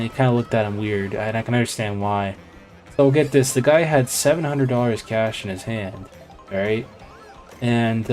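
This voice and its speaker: A man's voice: medium pitch, a little mellow. Rambling man hosting a game stream. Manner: rambling, digressive storytelling. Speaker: live stream gaming host. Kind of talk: casual chat while playing a racing game.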